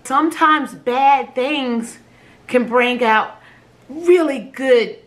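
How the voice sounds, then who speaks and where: A woman, a mother, telling a personal story to camera in a halting, emotional way, often repeating her words and laughing between phrases. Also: high voice. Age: adult with children. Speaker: vlogger sharing a personal story.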